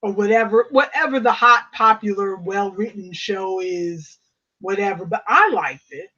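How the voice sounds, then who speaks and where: A woman's voice: mid-range voice, measured pace, sharp tone. Laid-back woman on a muffled call. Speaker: podcast co-host. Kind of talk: casual chat over video call. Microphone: video call. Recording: muffled video call audio.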